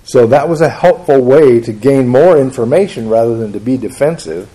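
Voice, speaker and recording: A man's voice: medium pitch, moderate pace, mellow. A man teaching a counseling class, asking his students questions and acting out the replies people give. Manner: asks the class questions, acts out quoted replies. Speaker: counseling instructor. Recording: roomy classroom with faint noise.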